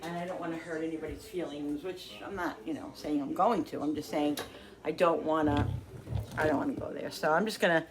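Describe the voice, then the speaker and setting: A woman talking casually to her viewers while cooking in her home kitchen, rambling and thinking out loud as she works. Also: low-pitched, steady tone, brisk. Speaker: cooking vlogger. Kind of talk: casual cooking vlog chat.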